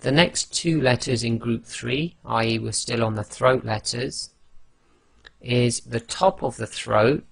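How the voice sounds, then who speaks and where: Slow, gravelly-voiced male tajweed teacher. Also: medium pitch, a bit bright, dry recording. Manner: patient, demonstrates each letter sound slowly. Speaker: Quran recitation teacher. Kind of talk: slow instructional explanation.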